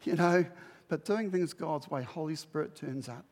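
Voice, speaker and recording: A middle-aged pastor delivers a sermon in a large hall, speaking at normal speed with a fairly high pitch. He tells a story in an animated way, energetically acting out the dialogue.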